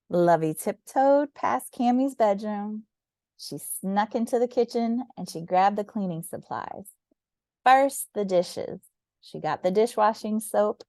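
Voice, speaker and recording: A woman reading a children's storybook aloud with gentle, expressive narration. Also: medium pitch, unhurried, dry recording, studio quality. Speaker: storybook reader.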